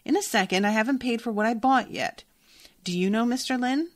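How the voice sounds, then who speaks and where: A woman's voice: a little high, brisk, dry recording, clean studio sound, voice pushed up, natural voice. A woman reading aloud as a polite but persistent young woman. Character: determined young woman student.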